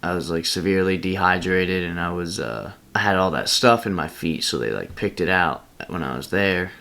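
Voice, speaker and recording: A man's voice: low-pitched, moderate pace, creaky, sharp tone. A young man from Pennsylvania telling a rambling personal story to camera, laughing at himself along the way. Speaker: vlogger. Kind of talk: casual storytelling.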